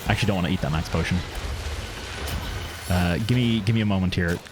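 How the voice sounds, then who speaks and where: A man streaming a video game, giving casual commentary in a dry, flat-sounding way. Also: low voice, fast talker, noisy background. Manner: self-described monotone, dry and offhand. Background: game music.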